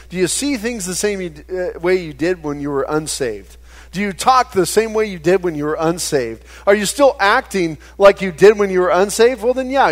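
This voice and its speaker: Male pastor, 30s, lightly high voice, animated conversational sermon. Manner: conversational, animated preaching with stammered restarts.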